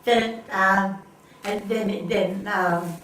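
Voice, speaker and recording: A woman's voice: medium pitch, fairly even intonation, very slow, fairly bright tone. An older woman telling family stories in casual chat, rambling with many restarts and often laughing. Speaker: interviewee. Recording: echoey room, recorded from far off, faint background noise.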